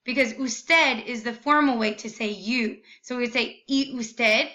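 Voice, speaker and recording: Woman teacher, young adult, bright clear tone, slightly high voice, slow careful modeling of phrases. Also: muffled recording. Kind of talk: recorded classroom lesson.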